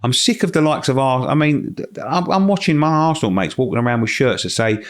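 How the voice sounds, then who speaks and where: A man's voice: medium pitch, fast. A man, a podcast guest telling stories in casual chat and swearing freely. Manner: animated storytelling, swears freely.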